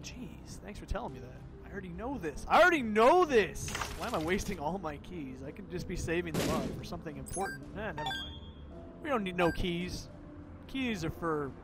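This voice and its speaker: A young man giving goofy, rambling let's-play commentary, talking back to the game. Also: high voice. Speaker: gaming video host. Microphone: desk microphone. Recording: music playing under the voice.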